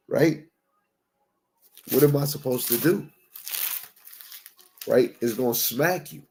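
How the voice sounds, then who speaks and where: A preacher gives a conversational Bible teaching sermon in a medium-pitched, creaky, slightly mellow voice with lively intonation. He's unhurried and pauses often, yet emphatic, mixing in street slang, repeatedly asking "right?", and reading scripture in old-fashioned wording.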